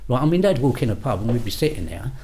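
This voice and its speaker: An older man talks in a blunt, matter-of-fact way. He tells long stories and slips into the voices of the people he quotes, without changing who he is. His pitch sits in the middle range. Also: big pitch swings, quick pace, dark tone. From London. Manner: blunt, acts out quoted exchanges in his own voice. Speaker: guest, former gangster. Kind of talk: storytelling interview.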